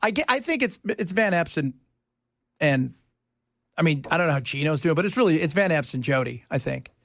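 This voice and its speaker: A man's voice: on the high side, animated, a little fast, vocal fry, fairly bright tone, no room sound, clean studio sound. A man hosting a radio talk show, joking and sarcastic in casual banter. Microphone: studio mic.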